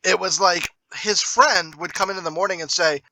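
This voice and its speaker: A man's voice: high-pitched, fairly even intonation, moderate pace, bright, forceful tone, no room sound, poor audio. A man co-hosting a podcast, chatting casually and pointing out details. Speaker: podcast co-host.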